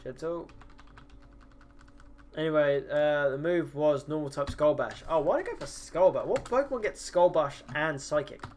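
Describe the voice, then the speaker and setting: A man's voice: a little high, normal speed, few pauses, a little mellow, a little hiss or hum. A tired man with a medium voice, chatting casually on a gaming livestream, answering chat, swearing, with many ums and restarts. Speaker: streamer.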